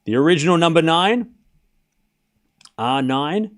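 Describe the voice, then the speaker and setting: Male streamer doing casual tennis play-by-play, fairly high voice with lively swings in pitch, quick jokes between points. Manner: excitable, joking asides between points. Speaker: watchalong host and commentator. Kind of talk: live play-by-play stream commentary.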